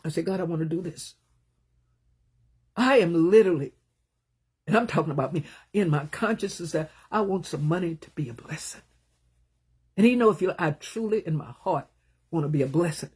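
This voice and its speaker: A woman preaching a sermon, talking with passion and emphasis, rising into loud bursts and then dropping to hushed, low asides. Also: lively intonation, normal speed, long pauses, breathy edge.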